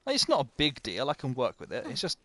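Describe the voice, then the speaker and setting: A man's voice: medium pitch, huge pitch swings, quick pace, pushed and bright, no room sound. A man commentating live as he plays a video game, chatty and self-mocking, often talking to the game itself. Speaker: game streamer.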